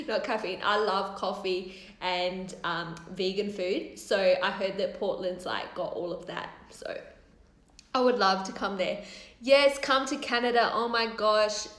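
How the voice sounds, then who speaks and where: A woman's voice: medium pitch, a little slow, fairly bright tone. A woman in her thirties with an Australian accent, chatting and rambling on a live Q&A from her new office, swearing casually. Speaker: hair topper business owner hosting a live Q&A. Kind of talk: casual livestream chat. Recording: roomy office echo.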